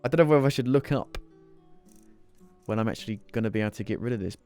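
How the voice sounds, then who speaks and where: A man's voice: lowish voice, quick pace, a little mellow, smooth, faint music behind. A man streaming a game, casually commenting, thinking aloud and swearing now and then.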